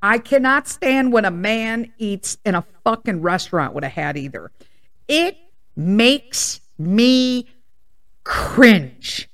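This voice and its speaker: A woman's voice: fairly high pitch, fairly bright tone. A woman in her thirties or forties hosting a casual chat podcast, rambling through personal stories with tangents and blunt, profane asides. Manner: blunt and profane when worked up. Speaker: podcast host.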